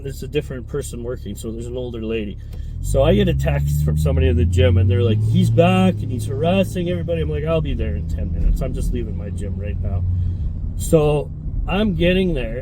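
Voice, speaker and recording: A gym owner tells a story in a relaxed, mellow voice, swearing freely and getting heated as he acts out both sides of an argument. Faint street and car noise sits behind him. The delivery is loose and conversational. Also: on the high side, poor audio. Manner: profane, animated, heated retelling. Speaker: fitness studio owner. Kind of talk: casual storytelling.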